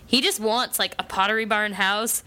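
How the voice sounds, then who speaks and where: A woman's voice: medium pitch, fairly even intonation, normal speed, pushed and bright. A woman co-hosting a comedy radio talk show, rambling through stories with constant fillers and swearing. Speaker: co-host. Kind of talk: casual comedy chat.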